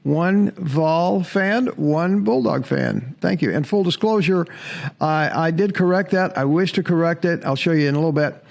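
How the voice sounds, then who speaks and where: A man's voice: a little high, animated, normal speed, gravelly, a little mellow. A man hosting a casual sports podcast, chatting to viewers, laughing often and mocking commenters.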